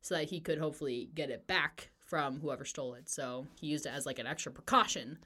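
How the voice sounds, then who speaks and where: A woman's voice: sits low, a little fast, bright, forceful tone. A woman co-hosting a podcast, chatting casually about a book and laughing often. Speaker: podcast co-host. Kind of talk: casual book discussion chat.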